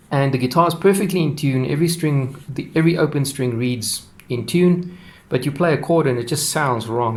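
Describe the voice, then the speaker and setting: A man explaining a guitar setup step by step in a casual, unhurried way, with fillers and repeated words. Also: medium pitch, slight background noise. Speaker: guitar teacher.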